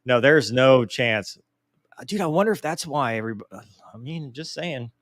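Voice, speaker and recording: Self-deprecating and animated, a man in his forties jokes his way through viewer mail on a casual live Q&A. His voice is medium in pitch and moderate in pace, recorded at studio quality without room sound.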